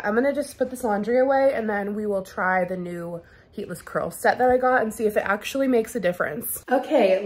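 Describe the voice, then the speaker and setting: A woman's voice: on the high side, a little hiss or hum. A young woman casually vlogging at home to camera, chatty and giggly, full of "like" and "um". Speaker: lifestyle vlogger. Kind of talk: casual vlog chat to camera. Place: at home, bedroom.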